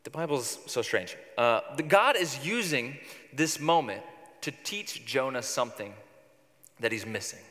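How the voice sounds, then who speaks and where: A man's voice: medium pitch, animated, unhurried, fairly bright tone, big-room sound. A male pastor giving a sermon, retelling a scripture story in a conversational, wry way.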